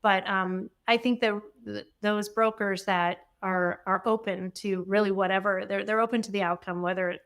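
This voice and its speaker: A middle-aged woman, a remodeling guest on a podcast, chatting in a lively, talkative way. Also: mid-range voice, normal speed, few pauses, clean tone. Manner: chatty, animated, laughs easily. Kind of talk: casual interview chat.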